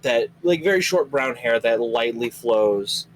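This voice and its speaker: A young man narrating as game master, describing scenes in an unhurried way, with many fillers. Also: medium pitch, lively intonation, a little hiss or hum, poor audio.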